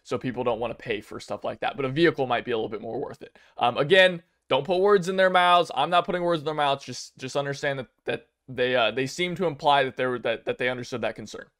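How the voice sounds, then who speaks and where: A young man giving casual commentary on game news, rambling and excitable, with many fillers and restarts. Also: medium pitch, fast, few pauses. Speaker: gaming video creator.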